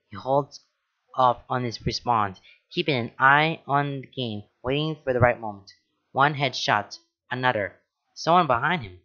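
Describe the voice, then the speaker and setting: A man reads a story aloud, now and then stopping for casual, halting asides. His voice sits in a middle register. The recording is dull and lo-fi. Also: mid-range voice, pushed and bright. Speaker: fan fiction reader.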